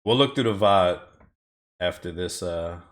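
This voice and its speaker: A man's voice: deep voice, a little slow. A man live-streaming racing time trials from home, chatting casually with his viewers, rambling and swearing often as he drives. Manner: rambling, swears often, talks back to chat. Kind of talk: casual live-stream chat while driving.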